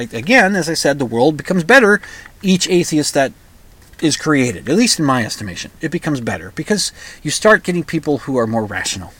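A middle-aged man from the upper Midwest, hosting his own show in a rambling, halting monologue full of restarts. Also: on the high side, a bit bright. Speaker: podcast host. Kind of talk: casual monologue.

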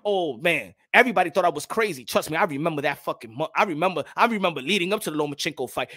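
Man, high voice, bright and sharp, dry close sound, loud profane boxing rant. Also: animated, very fast, hardly any pauses, no room sound. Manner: loud, profane, mocking, repeats himself. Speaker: boxing show host. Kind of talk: animated boxing commentary.

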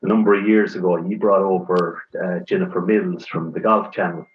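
Low Irish man, relaxed recollection, muffled recording. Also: fairly quick, a little hiss or hum. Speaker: golf club staff, panel guest. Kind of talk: casual recollection. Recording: dull muffled sound.

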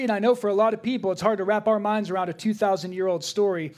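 A man's voice: high voice, steady tone, quick pace. A male pastor preaching a sermon to his congregation, emphatic and repeating key phrases for weight.

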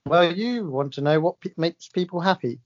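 A man's voice: fairly high pitch, lively intonation, moderate pace. A man co-hosting a casual podcast, teasing and cheeky with dry banter. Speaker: podcast co-host. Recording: dull lo-fi recording.

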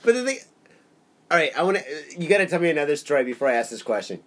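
A man with a notably high voice co-hosts a podcast in a casual chat. He teases and prods the storyteller, jumping in with quick questions. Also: very animated. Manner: teasing, laughing, interjecting questions. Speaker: podcast co-host.

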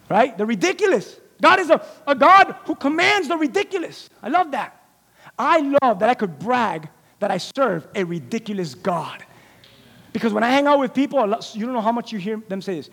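A middle-aged man preaches in a church with a very high, light voice that rings out in a long hall reverb. He calls out to the congregation for responses and acts out the lines of the story's characters. The sound is roomy. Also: big pitch swings, brisk, creaky, fairly bright tone. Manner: preaching with call-and-response, acting out dialogue. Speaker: pastor. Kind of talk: sermon. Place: church sanctuary.

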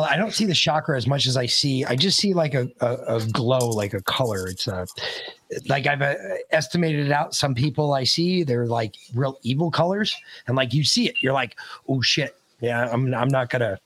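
A middle-aged man hosting a podcast, telling stories in a loose, profane, animated way. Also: mid-range voice, moderate pace, slight background noise. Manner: loose, swearing, animated retelling. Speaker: podcast host. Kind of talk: casual chat, profane storytelling.

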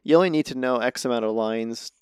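A man's voice: mid-range voice, fast, clean tone, dry recording, studio quality. A man, an actor and comedian, telling stories as a guest in a casual interview, rambling and self-deprecating, often laughing.

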